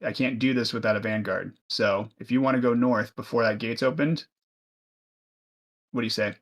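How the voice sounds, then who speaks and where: A man's voice: mid-range voice, steady tone, normal speed, lightly acted. A man voicing a hooded, cloaked recruiter in a tabletop game, speaking casually. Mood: persuasive.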